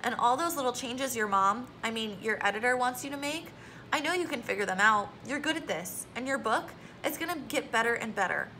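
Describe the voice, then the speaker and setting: A woman voicing a blunt, bossy young girl in a storybook reading, speaking emphatically and a little louder. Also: a little high, lively intonation, brisk, a little hiss or hum, low-quality recording. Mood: emphatic. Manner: emphatic and forceful.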